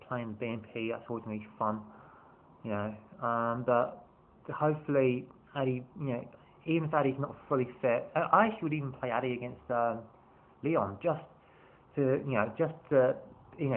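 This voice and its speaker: Rambling football fan on a tinny line. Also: male voice, mid-range voice. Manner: rambling, full of restarts, swears casually. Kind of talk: casual rambling match preview. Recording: tinny phone-like sound.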